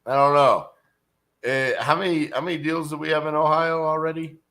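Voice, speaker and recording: Co-hosting a laid-back livestream, a middle-aged man who invests in real estate greets viewers, reads their comments, and jokes around with folksy stories. His voice is a little high and bright, brisk and forceful, with fairly even intonation.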